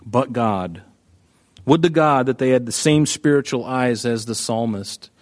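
A man preaching a sermon, emphatic, rising to loud peaks when he quotes scripture. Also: mid-range voice, measured pace.

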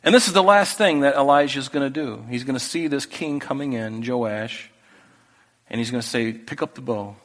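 A man preaching a sermon, talking through the text in a conversational way that moves from hushed to emphatic. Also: medium pitch, moderate pace. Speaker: pastor. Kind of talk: expository sermon. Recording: echoey hall with long reverb.

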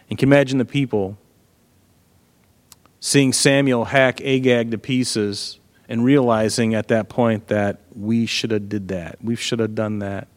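A man's voice: medium pitch, steady tone, a little slow, pauses often. A man teaching through a Bible passage in a casual, earnest way, often checking in with listeners. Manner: earnest, frequent "right?" asides and restarts.

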